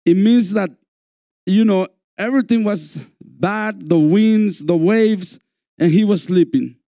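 A man preaching a sermon in a church, slow and repetitive, calling out for amens. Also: high voice, creaky, dark tone, no echo, clean studio sound. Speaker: pastor.

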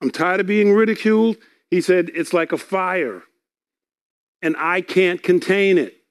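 A man's voice: sits high, measured pace. A man preaching a sermon, reading scripture aloud and explaining it earnestly, often repeating words.

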